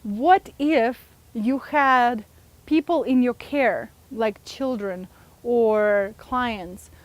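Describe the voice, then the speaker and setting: A woman's voice: fairly high pitch, darkish tone, dry recording. A woman presenting a communication workshop, engaging the audience with frequent questions. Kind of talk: live seminar talk to an audience.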